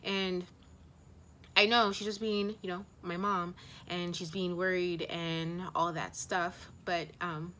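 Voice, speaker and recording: A young woman from the United States speaks openly in a personal vlog. Her voice sits a little low yet sounds bright and forceful. She talks in a heartfelt, rambling way, full of fillers. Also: level tone, takes it slowly, a little hiss or hum. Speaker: travel vlogger.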